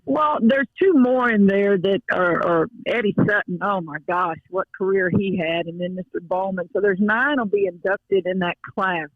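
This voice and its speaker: A woman's voice: medium pitch, normal speed, few pauses, dry recording. A middle-aged woman with a Louisiana accent, a basketball coach speaking as a guest by phone, heartfelt and folksy. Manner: heartfelt, folksy, with many restarts. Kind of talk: emotional phone interview. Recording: dull, dry phone line.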